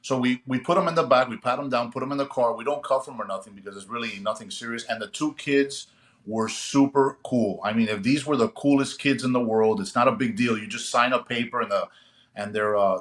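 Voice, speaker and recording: A middle-aged man, a retired police sergeant, telling a story in a lively, chatty podcast chat and often checking in with his listeners. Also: mid-range voice, fairly quick.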